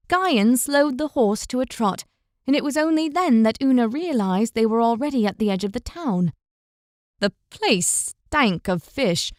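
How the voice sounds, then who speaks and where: A woman reading a fantasy audiobook as narrator, in steady, even storytelling. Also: a little high, no room sound, clean studio sound. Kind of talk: scripted narration.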